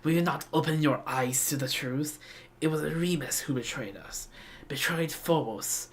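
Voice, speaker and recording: A woman's voice: deep voice, unhurried. A woman voicing a haughty, ancient male villain in a mildly posh, pompous tone for a game read-along. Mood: grandiose.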